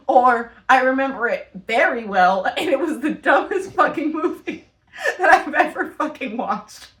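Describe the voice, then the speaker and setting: A woman's voice: high-pitched, normal speed, reverberant. A woman co-hosting a casual comedy podcast, ranting with lots of swearing and breaking into laughter. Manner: animated, profane rants that break into laughter. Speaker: podcast co-host.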